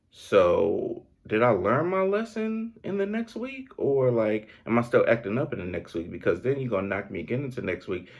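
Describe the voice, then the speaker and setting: A man hosting a podcast in a comedic monologue, incredulous and animated, laughing often. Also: deep voice, gravelly, husky. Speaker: podcast host.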